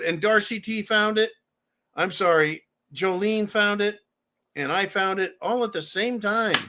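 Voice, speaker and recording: Man, 50s, from california, livestream host, bright forceful voice, profane, joking. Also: high voice. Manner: boisterous, profane and joking, reading donations aloud. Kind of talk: casual live-stream chat.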